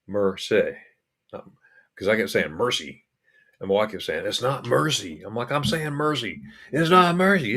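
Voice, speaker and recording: A man hosting a casual live-stream chat, rambling and restarting his sentences, with sudden animated jumps when surprised. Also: deep voice. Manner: rambling, repeats words and restarts. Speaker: vlog host.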